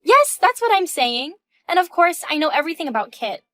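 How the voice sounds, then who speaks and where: Woman doing a smug bratty student girl, high and snotty, dry close sound. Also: very animated, brisk, bright, forceful tone, dry recording, full character voice. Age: 20s. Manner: taunting, condescending. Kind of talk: scripted text-story reading.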